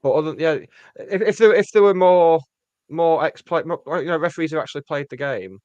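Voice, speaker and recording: A man's voice: on the high side, a little mellow, clear, resonant tone, no echo, lo-fi sound. A man, co-hosting a fan podcast in jokey, rambling casual chat. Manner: jokey, rambling, quick asides. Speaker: podcast co-host. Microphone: podcast mic.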